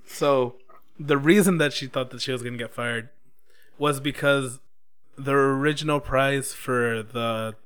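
Male co-host, relaxed chat, curses often, smooth clean tone. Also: medium pitch, unhurried, faint music behind. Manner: laid-back, swears freely, laughs often. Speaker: podcast co-host. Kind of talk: casual chat reviewing a movie.

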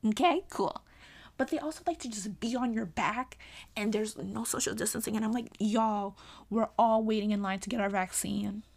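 A young woman talking casually to camera in a vlog, animated and exasperated, pleading with sudden high exclamations. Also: normal speed, vocal fry. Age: young adult. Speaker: vlogger.

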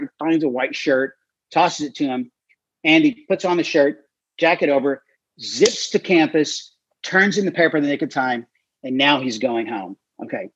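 A man, a guest author and missionary, telling stories in an interview with an animated manner and frequent fillers. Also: on the high side, normal speed, husky, no echo. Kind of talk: storytelling in an interview. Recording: dry, slightly dull recording.

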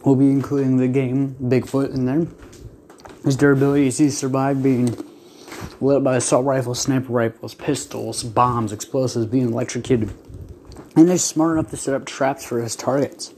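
A man hosting his own creature battle show, reading lists haltingly, stumbling over words and clearing his throat often. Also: mid-range voice, fairly even intonation, mellow, slight background noise. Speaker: host of a creature battle channel. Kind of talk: casual read-out narration.

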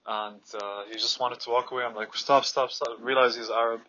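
A man's voice: medium pitch, flat delivery, brisk, dull audio, noisy background. A man on a heated personal rant, blunt, fired up and swearing freely.

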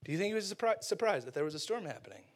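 A man preaching a lively, casual sermon, acting out characters and using slang. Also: high-pitched, rapid-fire, slightly rough.

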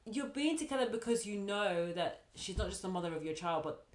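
A woman's voice: medium pitch, expressive, fairly quick, echoey room. A woman co-hosting a podcast in easygoing casual chat, often agreeing and thinking aloud. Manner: easygoing, many fillers and agreeing yeahs. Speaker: podcast co-host.

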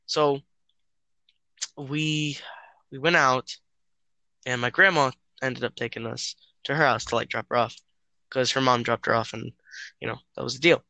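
Hesitant, rambling young man, bright voice. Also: medium pitch, fairly even intonation, normal speed, long pauses, no echo. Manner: hesitant, rambling, lots of filler and swearing. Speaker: friend telling a dating story. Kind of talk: casual chat over a call.

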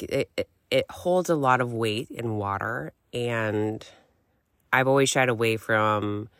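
A woman's voice: very deep voice, fairly bright tone, no echo, studio quality. A woman in her forties telling a personal story to camera in a candid, chatty way, swearing and laughing now and then. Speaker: vlogger.

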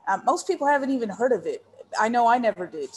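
A woman's voice: a little high, lively intonation, quick pace, darkish tone, a little hiss or hum. Earnest woman telling a story. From San Antonio, Texas. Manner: earnest, heartfelt storyteller with many ums. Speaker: podcast guest, leadership coach. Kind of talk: storytelling interview.

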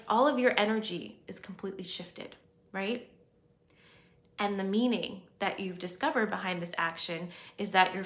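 A woman's voice: medium pitch, fairly bright tone, echoey room. A woman giving a spiritual self-help talk, earnest and reassuring, speaking in a conversational way.

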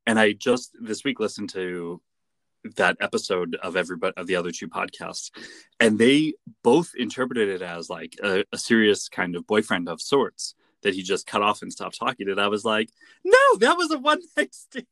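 A man's voice: fairly low pitch, normal speed, fairly bright tone, dry recording. A man co-hosting a podcast in casual chat, talking in a playful, digressive way. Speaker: podcast co-host. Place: remote recording, not with co-host.

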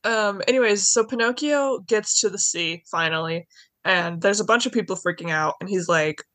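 Young woman, podcast co-host, chatty rambling retelling, mid pitch, dry close sound. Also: moderate pace, a bit bright, no room sound. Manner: chatty, rambling retelling with many likes and anyways. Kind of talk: casual chat.

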